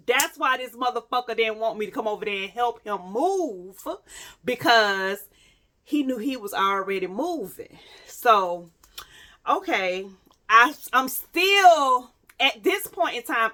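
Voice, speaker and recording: Bright-voiced woman telling a profane story. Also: medium pitch. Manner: profane, animated, repeats phrases for emphasis; addresses listeners directly, dramatic pauses. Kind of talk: casual storytime monologue to viewers.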